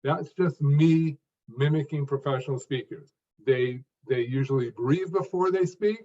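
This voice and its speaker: A man answering interview questions in a measured, earnest way, speaking phrase by phrase with pauses. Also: on the high side, warm tone. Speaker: guest, stuttering coach. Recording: distant, dull lo-fi audio.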